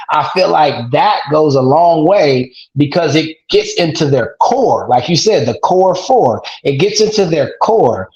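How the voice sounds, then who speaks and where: On a dull, reverberant recording, a man with a higher-leaning voice appears as a podcast guest in casual interview talk. Earnest in tone, this dad of two girls performs the call-and-response lines he shares with his daughters.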